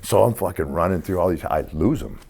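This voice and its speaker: This is a man in his sixties with an extremely low, rumbling voice. He tells his stories in a loose, streetwise way, full of swearing. He slips into the voices of the people in his stories as he quotes them. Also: expressive, a little fast, creaky, heavy background noise. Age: 60s. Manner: profane, streetwise storytelling; acts out other people's lines in quoted voices. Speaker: interview guest. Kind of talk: casual storytelling interview.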